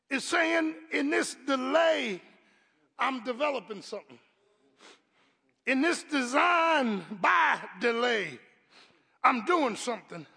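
A man preaching a sermon as pastor, with call-and-response lines, swinging from quiet talk to shouted peaks. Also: very high-pitched, gravelly, in a large hall.

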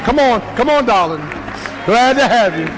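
High-voiced pastor preaching to a crowd. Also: male voice, lively intonation, normal speed, music in the background, rough recording. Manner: builds from quiet storytelling to shouted call-and-response preaching. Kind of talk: sermon and altar call. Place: church sanctuary. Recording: live church with congregation and room noise.

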